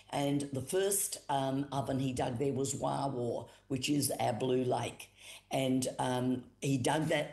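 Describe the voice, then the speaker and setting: A woman with an Australian accent telling a traditional creation story as a storyteller, unhurried and repetitive, with fillers. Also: very deep voice, warm tone. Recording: roomy echo.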